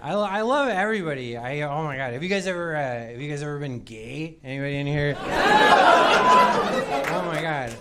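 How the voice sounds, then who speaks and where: A man's voice: on the high side, brisk, background noise. A man doing a stand-up set on a club stage, goofy and self-deprecating, acting out short bits of dialogue. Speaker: stand-up comedian. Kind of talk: stand-up set before a live audience. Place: comedy club stage with loud laughing crowd. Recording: live club audio with loud crowd laughter.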